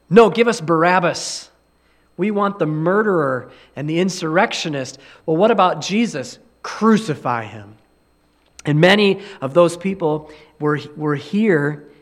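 A male pastor preaching a sermon, emphatic and repeating key phrases, now and then clearing his throat. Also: on the high side.

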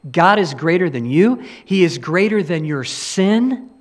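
A male pastor preaching a sermon, emphatic and repeating key phrases, now and then clearing his throat. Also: high voice, expressive, measured pace.

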